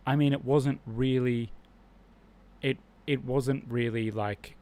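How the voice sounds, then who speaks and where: A man's voice: medium pitch, fairly even intonation, slow pace, mellow. A man hosting a live stream, talking casually and with strong opinions, rambling and restarting his sentences often.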